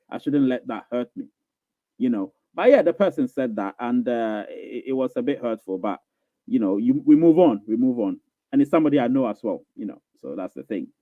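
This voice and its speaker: A medium-pitched man hosts a live Q&A, answering viewer comments in a forceful, repetitive style. He frequently asks listeners, "you get what I'm saying?" There's no room sound, and the audio is thin and phone-like.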